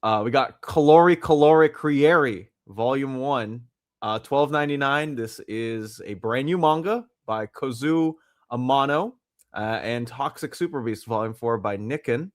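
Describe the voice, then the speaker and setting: A man hosts a podcast in easy, casual chat. He reads comic titles and prices one after another, often pausing on an "uh." His voice sits at an ordinary pitch and sounds dry and close, with no room behind it. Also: no room sound. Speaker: podcast host.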